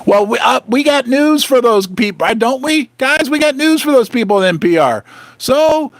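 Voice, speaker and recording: A man's voice: very high-pitched, expressive, moderate pace, dry recording. A man hosting a livestream, reading news aloud and ranting in a sarcastic, emphatic, indignant manner. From United States. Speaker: host.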